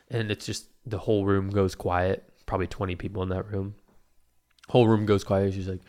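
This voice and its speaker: A man's voice: fairly low pitch, steady tone, brisk, gravelly, darkish tone, clean tone. A young man telling a rambling, profane story in a casual monologue, often laughing at his own asides.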